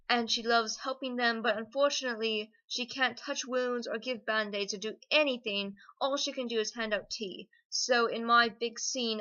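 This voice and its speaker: Woman, put-on British accent, giggly vlog chat, bright tense voice, lo-fi muffled sound. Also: a little high. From United States. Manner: bubbly, chatty, giggly. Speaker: vlogger. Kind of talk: casual Q&A vlog.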